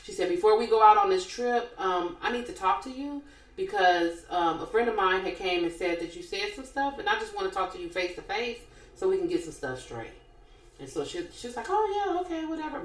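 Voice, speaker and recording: On a podcast she co-hosts, a woman with a medium-pitched voice chats casually about reality TV gossip, animatedly acting out what each person said. The room is echoey and the recording quality is low.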